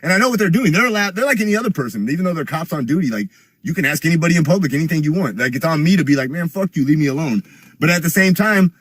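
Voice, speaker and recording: Husky young man, profane rambling storyteller, dry close mic. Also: racing, no room sound. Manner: profane, rambling, gets louder and higher when excited. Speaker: streamer telling a story. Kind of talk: casual storytelling.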